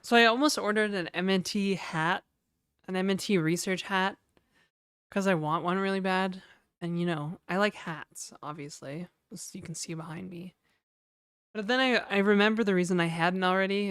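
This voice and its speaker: A woman's voice: mid-range voice, fairly even intonation, normal speed, a bit bright, clear, resonant tone, no echo, studio quality. A woman from New Brunswick, chatting casually and rambling on a livestream, joking and laughing often. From New Brunswick, Canada.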